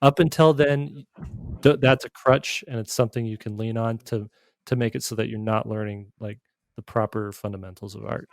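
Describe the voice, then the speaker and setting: A man, an art instructor, talking casually in a podcast discussion, relaxed and conversational. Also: lowish voice, moderate pace, gravelly, dry recording, studio quality.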